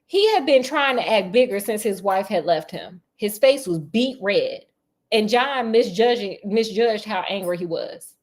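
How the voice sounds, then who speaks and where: A woman reading a novel aloud as a storyteller, breaking off for sassy, animated asides. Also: mid-range voice, a little slow.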